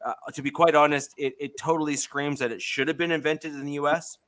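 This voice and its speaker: Bright-voiced rambling podcast man. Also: a little high, little pitch movement, fast talker, no echo. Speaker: podcast co-host. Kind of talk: casual sports podcast chat.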